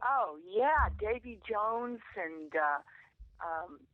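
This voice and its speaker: A woman's voice: medium pitch, extremely slow, no echo. A woman from England, a guest chatting casually and candidly in an interview. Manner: relaxed, candid, laughing easily. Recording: tinny phone line.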